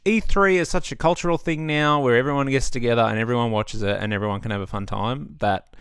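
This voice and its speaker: A man's voice: mid-range voice, quick pace, fairly bright tone, clean tone, no echo. Young guy, home-setup gaming rant, sarcastic and sweary; resonant, dry. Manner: ranty, sweary, sarcastic asides. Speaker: gaming vlogger. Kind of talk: casual opinion rant.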